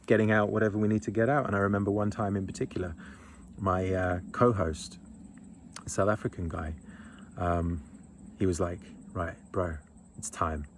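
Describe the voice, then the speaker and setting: Speaking at a moderate pace with long pauses and fairly even intonation, a man in his thirties who leads men's retreats gives a casual, rambling monologue. His low voice is blunt, he swears freely and chuckles between thoughts, and there's a little hiss or hum on the recording.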